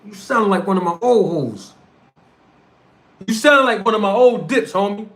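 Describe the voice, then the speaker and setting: A man's voice: high-pitched, brisk, fairly bright tone. A man with a North Philadelphia accent, hosting a livestream and ranting confrontationally in street slang. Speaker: streamer and show host. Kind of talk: heated livestream rant.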